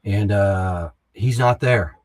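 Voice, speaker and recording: A man's voice: on the low side, takes it slowly. A middle-aged man, an army veteran, telling war stories in a blunt, profane, casual way and acting out other soldiers' lines. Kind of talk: casual storytelling.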